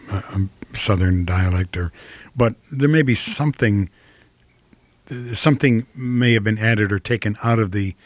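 An older actor from Ohio with a flat Midwestern accent, answering interview questions slowly, with many fillers and restarts. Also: male voice, on the low side, no echo. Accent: flat Midwestern American.

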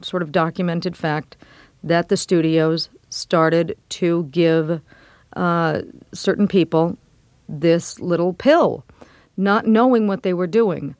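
A woman's voice: fairly low pitch, darkish tone, no room sound. Reflective middle-aged woman, dry close sound. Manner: measured and reflective, with frequent ums. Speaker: guest, memoir author. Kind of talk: interview conversation.

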